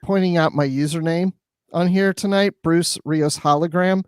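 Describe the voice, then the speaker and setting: Animated and quick to laugh, a man co-hosts a casual chat. His fairly high, resonant voice is clear and fairly even in intonation, moving at a normal speed, with a clean studio sound and no room echo.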